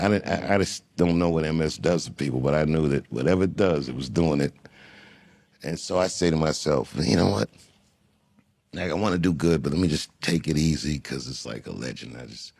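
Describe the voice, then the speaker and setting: Male comedian, deep and gravelly, reflective interview storyteller who circles back and restarts. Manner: unhurried, musing, with frequent restarts. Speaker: comedian guest.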